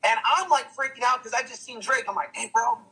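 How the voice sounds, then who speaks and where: Husky high-pitched hyped-up man. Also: lively intonation, quick pace, pushed and bright, rough recording. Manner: hyped, repetitive, preachy, says "guys" and "guess what" a lot. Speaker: testimonial speaker. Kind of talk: motivational sales testimonial.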